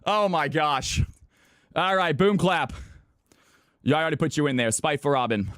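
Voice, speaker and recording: Slightly high and fairly bright, this man's expressive voice moves at a moderate pace, and he's out of breath. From California, he runs viewer games on a live stream, excitedly chatting and repeating himself as he sorts players, in a dry, studio-quality recording.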